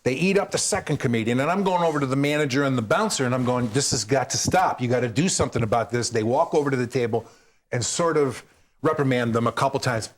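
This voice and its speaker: A stand-up comedian appearing as a guest tells a road story, animatedly acting out the people in it. He's a fast talker with a medium-pitched voice.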